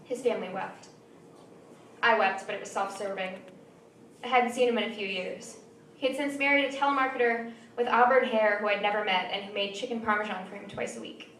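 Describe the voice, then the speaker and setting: Young woman, author reading her own prose live; measured and dry; distant mic in a roomy venue with faint ambience. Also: mid-range voice, steady tone, a bit bright, slight background noise. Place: small venue.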